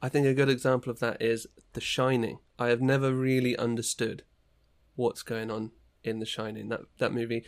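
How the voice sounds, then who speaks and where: A man co-hosting a podcast in casual chat, relaxed, teasing and full of questions. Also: mid-range voice, moderate pace. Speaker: podcast co-host.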